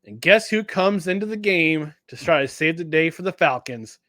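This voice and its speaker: A man co-hosting a sports podcast in casual chat, animated and jokey, often restarting his sentences. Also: a little high, moderate pace, no room sound, clean studio sound. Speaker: podcast co-host.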